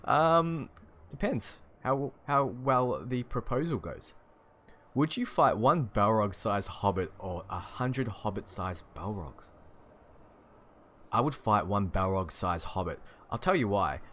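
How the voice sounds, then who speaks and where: A man's voice: lowish voice, animated, slow pace, fairly bright tone, slight background noise. A young Australian man with an Australian accent, casually chatting and chuckling as he answers stream chat. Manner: chatty and laid-back, chuckling often.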